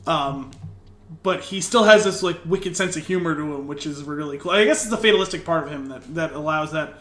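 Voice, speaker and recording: A man's voice: a little high, fairly quick, a bit bright, echoey room. A man co-hosting a podcast, chatting casually and correcting himself as he goes. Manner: chatty, self-correcting, enthusiastic. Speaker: podcast co-host. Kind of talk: casual chat.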